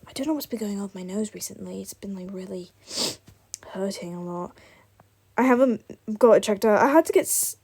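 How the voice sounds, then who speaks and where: A woman's voice: mid-range voice, brisk, a little mellow, husky. A young woman vlogger chatting casually while playing a building game, rambling with lots of fillers. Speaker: gaming vlogger.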